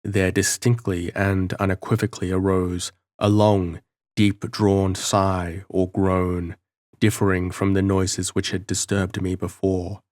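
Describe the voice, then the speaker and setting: A man reading a gothic novel as an audiobook narrator in a measured, dramatic manner. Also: low voice, flat delivery, a little mellow, no echo.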